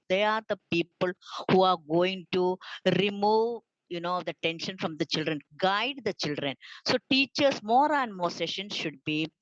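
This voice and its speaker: A woman speaking on a video call panel in an earnest, halting way with many fillers. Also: medium pitch, a bit bright, dry recording. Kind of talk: unscripted panel talk. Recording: dull lo-fi video call audio.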